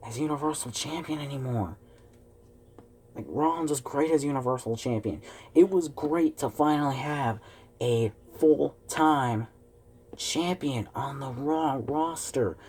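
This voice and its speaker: A man's voice: medium pitch, dark tone. A man ranting angrily at home, cursing heavily as he vents in his video. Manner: heavy cursing, fired-up rant. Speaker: wrestling fan vlogger. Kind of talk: angry ranting vlog.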